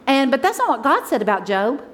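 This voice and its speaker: A pastor's wife preaches a conversational, emotional sermon, swinging from loud exclamations to soft asides. Her voice sits high, and she's very animated and brisk.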